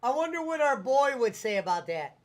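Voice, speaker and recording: A man with a high voice hosts a loose podcast chat, needling his co-host with blunt, profane questions. He talks casually into a studio mic. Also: sing-song, brisk. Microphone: studio microphone.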